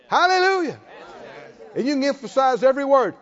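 Fervent high-voiced male preacher, hall echo. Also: big pitch swings, a little slow, some chatter behind. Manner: fervent preaching, swings from hushed to shouted repetition. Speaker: pastor. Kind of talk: sermon. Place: church hall with congregation responding. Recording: dull hall reverb, lo-fi.

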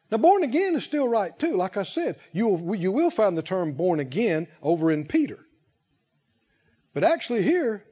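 A man preaching a sermon, emphatic and repetitive, who slows to stress key phrases and rises in fervor. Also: sits high, a little mellow, slightly rough. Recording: dull lo-fi recording.

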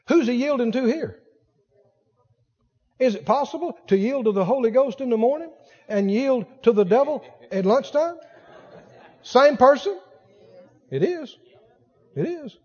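High-voiced preacher man in echoing hall. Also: darkish tone, slightly rough. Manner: folksy, fires rhetorical questions at the congregation; colloquial, uses "ain't". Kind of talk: sermon. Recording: dull lo-fi sermon recording with long hall reverb.

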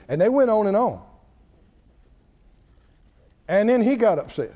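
High-pitched guy preaching, lively back-and-forth with the crowd, echoey hall, kinda muffled. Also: a little slow. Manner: preaching with animated, conversational call-and-response. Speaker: pastor. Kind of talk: sermon.

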